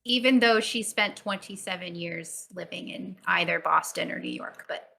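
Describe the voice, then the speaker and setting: A woman's voice: on the low side, moderate pace, vocal fry, pushed and bright, slightly rough. A woman co-hosting a podcast, talking in casual chat and thinking aloud as she goes. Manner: conversational, hedging, thinks aloud. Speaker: podcast co-host.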